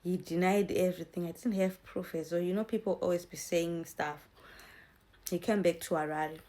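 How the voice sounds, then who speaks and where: A woman's voice: fairly low pitch, steady tone, normal speed, warm tone. Young woman telling a storytime chat. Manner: chatty, addresses viewers as guys, acts out quotes. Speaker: vlogger. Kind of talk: storytime vlog.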